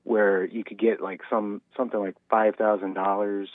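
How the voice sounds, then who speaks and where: A man calling in over a thin, phone-like line, his voice on the low side. He tells his story in a relaxed way, restarting phrases as he thinks. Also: moderate pace, no room sound. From Minnesota. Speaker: caller. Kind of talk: phone-in conversation.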